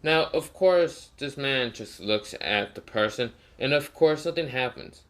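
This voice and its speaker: A man's voice: medium pitch, expressive, a little slow, fairly bright tone. A young man casually narrating a made-up fan story, rambling with many fillers and self-corrections.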